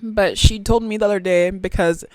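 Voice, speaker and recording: A young woman hosting a casual solo podcast, talking in an animated, silly, excitable way with sudden squeals. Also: mid-range voice, normal speed, no echo. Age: young adult. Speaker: podcast host.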